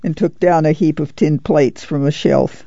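Woman, audiobook narration, measured delivery, gravelly, dull lo-fi sound. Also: deep voice, steady tone, mellow, no echo. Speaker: audiobook reader. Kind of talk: scripted narration.

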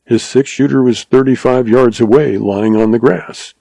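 Warm-voiced male storyteller. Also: medium pitch, fairly even intonation, moderate pace, gravelly, no echo, rough recording. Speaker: narrator. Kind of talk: audiobook story narration.

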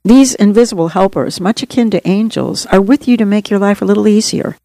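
A woman's voice: mid-range voice, brisk, vocal fry, dark tone, dry recording. A middle-aged woman reads her own memoir aloud in a plain, earnest, straightforward way. Her voice sits in a middle register for a woman. The recording is dry and close, with no room sound. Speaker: author narrating her memoir. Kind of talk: audiobook memoir narration.

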